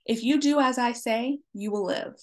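A woman reading the lines of a stern male governor who accuses strangers, in a slow, deliberate and insistent delivery. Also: on the high side, a little mellow, close to an everyday voice.

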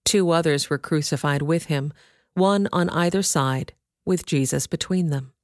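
A woman reading a scripture passage aloud in a steady, measured way. Her voice sits fairly low, and the recording is dry and close with no room sound. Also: no echo. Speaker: scripture reader. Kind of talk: scripted narration.

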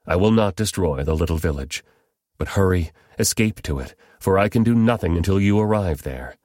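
A man's voice: sits low, expressive, normal speed, a little mellow, no echo, studio quality. A man reading the urgent, commanding words of angels.

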